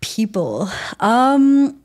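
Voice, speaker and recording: A woman's voice: on the high side, big pitch swings, drawn-out words, darkish tone. Chatty young woman from New Zealand. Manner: chatty, laughs often, many fillers. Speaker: interview guest. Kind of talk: casual interview conversation.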